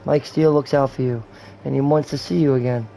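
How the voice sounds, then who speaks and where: A man's voice: medium pitch, fairly even intonation, a little fast, vocal fry, dark tone, slight background noise, poor audio. A man in his twenties talking in a rambling, candid way and swearing often, while hosting a gaming livestream. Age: 20s. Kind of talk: rambling casual chat.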